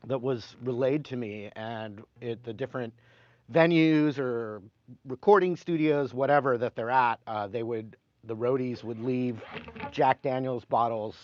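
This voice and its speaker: A man's voice: mid-range voice, no echo. A man teaching guitar in a casual live stream, chatting and reading viewer comments aloud between playing. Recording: slightly dull sound with guitar playing.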